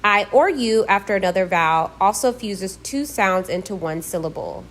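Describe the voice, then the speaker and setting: A woman reading a scripted pronunciation lesson, slowly and deliberately modelling each sound for learners. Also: mid-range voice, lively intonation, fairly bright tone. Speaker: language teacher.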